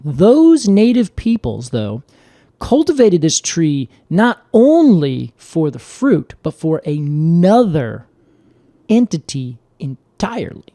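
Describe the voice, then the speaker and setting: A man co-hosting a podcast, telling the story in a playful, animated way in casual chat. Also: fairly high pitch, slow pace, no echo, studio quality. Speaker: podcast co-host.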